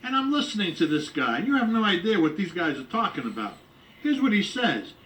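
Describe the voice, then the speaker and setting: A man's voice: high-pitched, sing-song, a little fast, fairly bright tone, far from the mic, a little hiss or hum, poor audio. A man delivering a rambling comic monologue straight to the camera, brash and full of groans, asides and complaints. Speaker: comedian.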